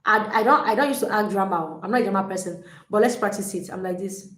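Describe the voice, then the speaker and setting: A woman's voice: medium pitch, quick pace, a bit bright. A woman life coach giving a live coaching talk to single women, speaking emphatically, repeating key phrases and addressing viewers directly. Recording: roomy echo.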